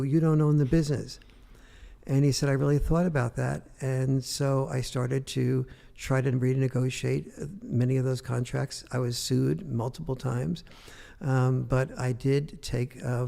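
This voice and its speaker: Gravelly older man telling a story. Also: mid-range voice, flat delivery, measured pace, mellow, in a large hall. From United States. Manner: rambling anecdotal storytelling with many fillers. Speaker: guest author. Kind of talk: storytelling in an interview.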